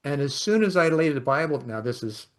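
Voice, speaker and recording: A man hosting a podcast, telling stories in a casual, animated way and laughing often. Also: fairly high pitch, fairly quick, very noisy. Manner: animated storyteller, acts out quotes, laughs often. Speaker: podcast host. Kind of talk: casual conversation, storytelling.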